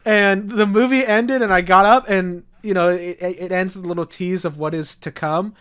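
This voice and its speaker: A man's voice: sits high, moderate pace, smooth. A young man co-hosting a podcast, telling stories animatedly, swearing and acting out what people said. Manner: animated storyteller, swears, acts out quotes. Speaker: podcast co-host. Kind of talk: casual podcast chat.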